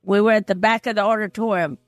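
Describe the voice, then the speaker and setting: A woman's voice: mid-range voice, fairly even intonation, fast talker, no echo, soft background music. An older woman as an interview guest, telling a personal story in an earnest, heartfelt way. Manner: earnest, heartfelt, retells past conversations.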